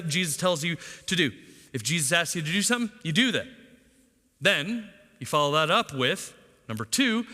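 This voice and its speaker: A man's voice: high voice, bright, forceful tone. A middle-aged man preaching a sermon as pastor, talking to the congregation conversationally and asking them lots of questions. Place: church sanctuary. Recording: long church reverb.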